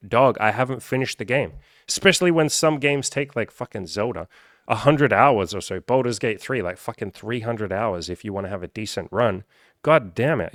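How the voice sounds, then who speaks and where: A man with a fairly low voice talks straight to the camera as a coach. His delivery is animated and profane, and he slips into quick put-on voices of the people he describes. The sound is dry and close, with no room echo. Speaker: self-improvement coach. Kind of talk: casual direct-to-camera vlog.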